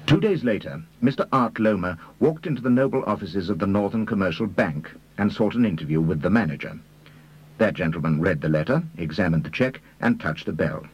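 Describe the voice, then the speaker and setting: Low, husky-voiced male storyteller. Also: lively intonation, a little fast, highs cut off. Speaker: audiobook reader. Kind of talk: scripted narration.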